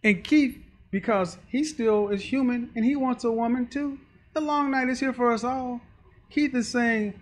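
A man's voice: extremely high pitch, normal speed. A man giving emphatic, preachy dating commentary, acting out the people he talks about. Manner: emphatic, preachy, acts out quoted voices. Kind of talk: lecturing commentary.

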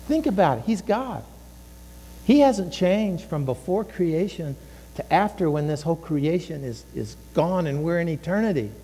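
A man's voice: sits high, a little mellow, breathy edge, big-room sound. A man preaching a sermon as a pastor, emphatic and repeating his phrases, sometimes voicing inner thoughts.

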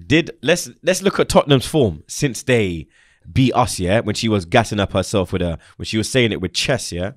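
A young man rants about football in a lively, up-and-down voice, heavy with street slang and emphasis. The sound is dry and close, with no room around it. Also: fairly low pitch, normal speed, no room sound. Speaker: football fan show host. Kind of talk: heated casual football chat.

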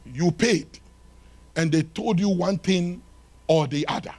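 A male pastor preaching a sermon in a church, swinging from loud shouted lines to hushed ones and acting out little dialogues. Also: sits high, unhurried. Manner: acts out dialogue between lovers.

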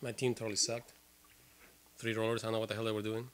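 A man giving excitable, swearing let's play commentary while he plays. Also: lowish voice, quick pace, a little hiss or hum. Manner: excitable, swearing, trash-talking. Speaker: gamer. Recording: game music clearly behind voice. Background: game music.

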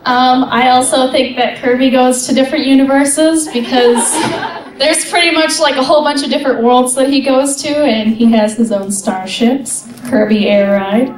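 A high-voiced woman chats in a giggly way while making her case. She sounds distant in an echoing hall. A crowd hums behind her. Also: normal speed. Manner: giggly, chatty. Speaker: panel contestant. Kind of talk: giggly fan argument.

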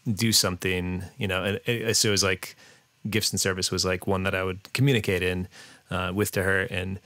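A man talking as a podcast guest in a relaxed, rambling way, full of fillers and restarts. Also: low-pitched, normal speed, no echo. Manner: rambling, hesitant, many fillers and restarts, laughs often. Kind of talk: casual interview chat.

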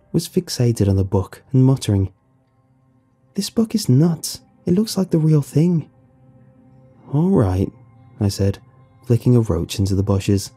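Man, horror story narration, very dark tone, husky, lively pitch movement.

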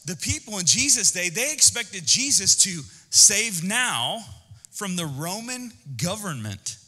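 A man preaching a sermon as pastor, animated and conversational, with jokes. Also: sits high, big-room sound. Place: church auditorium.

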